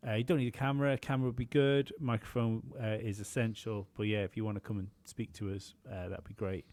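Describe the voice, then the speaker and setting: A man's voice: on the low side, level tone, quick pace, darkish tone, no echo. A man co-hosting a podcast, chatting casually, rambling with many fillers and some swearing. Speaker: podcast co-host.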